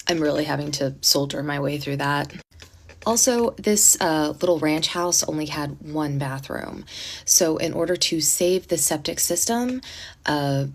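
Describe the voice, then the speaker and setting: Woman, lowish voice, storytime at home, indignant, animated quoting of others. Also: creaky. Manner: animated, indignant retelling with acted-out quotes; speaking quietly to avoid disturbing a neighbor. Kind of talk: casual storytime.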